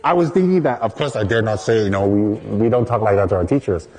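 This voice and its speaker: Man from the US, Buddhist teacher, dharma talk, lively storyteller, long hall reverb. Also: fairly low pitch, fast. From United States. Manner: lively storytelling, acts out the people in his story.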